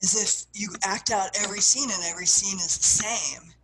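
Expressive woman, mid-range voice, workshop teacher talking students through exercises, soft trailing phrases, faint background hiss with clicks. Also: mid-range voice, brisk. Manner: expressive, acts out what she describes, soft trailing phrases. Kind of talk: guided workshop instruction.

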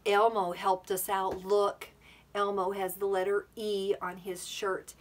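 A woman teaching a preschool lesson, sounding out letters slowly with playful gasps and soft asides. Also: medium pitch, level tone. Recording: voice from a distance.

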